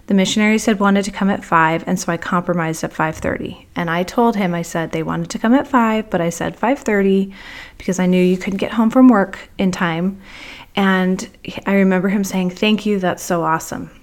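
A woman podcast host telling a personal story in a monologue, animated and acting out the dialogue she recalls. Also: mid-range voice, normal speed. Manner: animated, acts out quoted dialogue.

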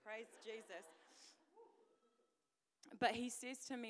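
A woman preaching a sermon in a high voice, taking her time over every phrase. She moves from loud, emphatic declarations down to hushed whispers as she tells her own story with candid, self-deprecating honesty. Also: a little slow.

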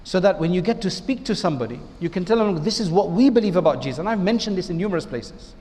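Speaking as an imam, a man with a high-pitched, slightly mellow voice gives an animated Islamic lecture at a quick pace. His delivery is conversational and full of rhetorical questions to the listeners, with a long reverb from the spacious hall.

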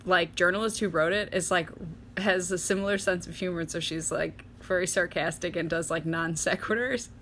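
A woman's voice: fairly low pitch, steady tone, brisk, fairly bright tone, slight background noise. A woman in a casual podcast chat, rambling through what she has been reading and watching, with laughter and dry sarcastic asides. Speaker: podcast co-host.

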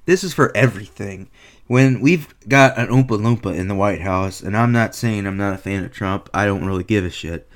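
A man giving a heated, profane rant as a hockey video reviewer, swinging between low mutters and loud sarcastic outbursts. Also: normal speed. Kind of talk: ranting commentary.

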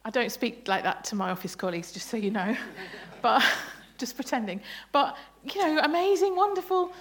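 On the high side with big pitch swings, a woman talks at normal speed with few pauses, over slight background noise. A bible study leader, she guides a family sermon in church, laughing and asking the congregation playful questions.

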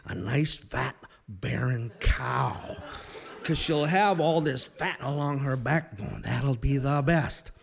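A man quoting a blunt, practical male bush pilot with an exaggerated Midwestern accent, drawing out his advice slowly. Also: mid-range voice, vocal fry.

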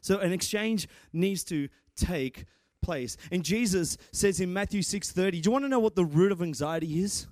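A young man preaching a sermon in an animated, excitable way, with many restarts and sudden shouts. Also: sits high, normal speed, few pauses, no echo, studio quality. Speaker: preacher and church guitarist. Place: church.

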